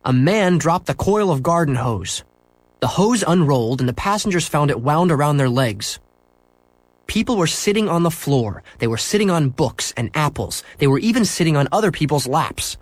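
A man reading a children's book aloud, expressive and acting out the sound effects. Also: on the high side, moderate pace, dry recording. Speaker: storyteller.

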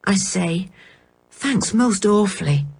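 A woman's voice: mid-range voice, animated, slow pace, creaky, a little mellow, breathy edge, heavily acted. A woman voicing a lonely, sullen boy who loves painting, in a storybook reading. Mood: wistful. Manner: bitter then eager.

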